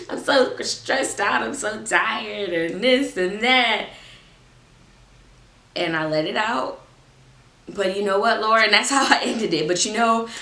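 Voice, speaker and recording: Young christian woman vlogging about faith, bright voice, chatty, roomy echo. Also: on the high side. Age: 20s. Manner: expressive, acts out her own prayers; informal, chatty, laughs often. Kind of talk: casual faith talk to camera.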